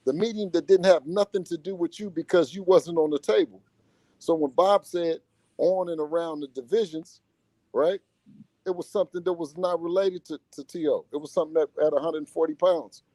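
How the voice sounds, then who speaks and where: Boxer's father in an interview: animated, slangy, dark-toned, dry recording. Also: a little high, moderate pace, no echo. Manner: animated, repeats himself, slangy. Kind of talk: casual interview talk.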